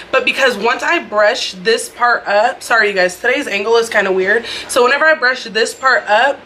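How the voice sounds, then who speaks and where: A young woman with a bright, clear voice tells a casual storytime vlog. She talks in a chatty, expressive way and speaks straight to her viewers. She records it on her phone indoors, with faint noise behind her. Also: a little high, normal speed, few pauses. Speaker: vlogger. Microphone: phone camera.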